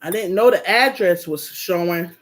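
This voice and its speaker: A woman chatting casually on a live stream, shifting between bright greetings and quiet murmurs. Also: on the low side, normal speed.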